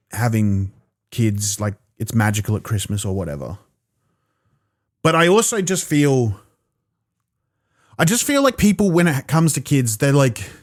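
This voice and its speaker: A man performing a rambling, profane stand-up routine alone in a small room. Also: medium pitch. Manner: rambling, profane storytelling with quick asides. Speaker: stand-up comedian.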